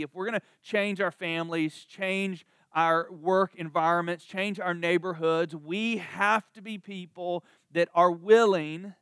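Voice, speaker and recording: A man delivers a church sermon in a high, smooth voice. He sounds conversational yet emphatic, slowing down to lean on the words that matter. The sound is close and dry. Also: fairly bright tone, dry recording. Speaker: preacher. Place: church service.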